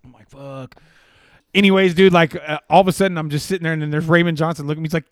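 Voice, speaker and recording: A man's voice: fairly high pitch, fairly even intonation, quick pace, no echo. Profane rambling male storyteller, dry sound. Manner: profane, rambling storytelling with lots of swearing and slang. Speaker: podcast guest telling a story. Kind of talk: casual chat. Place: podcast studio.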